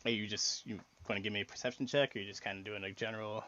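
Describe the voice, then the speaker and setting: A man running a tabletop game as game master, talking haltingly with many fillers and restarts. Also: on the low side, steady tone, pushed and bright, highs cut off.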